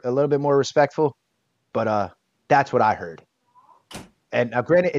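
A man being interviewed, telling a personal story in a candid, animated way and swearing casually. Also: mid-range voice, no echo. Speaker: interview guest. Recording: dull, dry sound.

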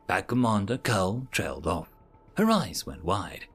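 A man narrating a science fiction story aloud in an even, descriptive reading style. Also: deep voice, unhurried, breathy edge, faint music behind.

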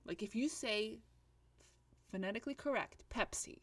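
A woman's voice: fairly high pitch, normal speed, no room sound. A woman from Atlanta chatting casually, telling stories with acted-out dialogue and dropping in Arabic phrases. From Atlanta, United States. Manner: animated storyteller, acts out dialogue, switches into Arabic phrases. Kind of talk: casual chat.

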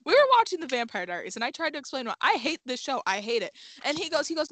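A young woman co-hosting a casual movie podcast, blunt and animated, swearing freely. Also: sits high, fast, no echo. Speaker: podcast co-host.

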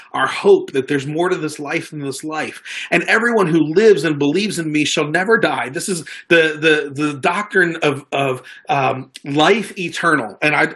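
Pushed and bright, a little high in pitch, a man delivers a sermon as a pastor speaking conversationally. He trips into restarts, repeats words often and dramatizes the quotes.

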